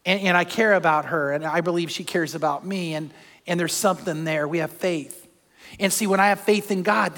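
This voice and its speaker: Older male pastor preaching in a reverberant church. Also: sits high. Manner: animated storytelling, acts out crowd shouts. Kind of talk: sermon. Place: church sanctuary. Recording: long hall reverb.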